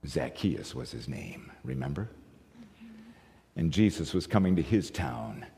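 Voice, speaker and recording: A man from the United States preaching a sermon, telling stories with animated swings from loud to hushed. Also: very deep voice, unhurried, creaky. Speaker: pastor. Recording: long reverb of a large hall.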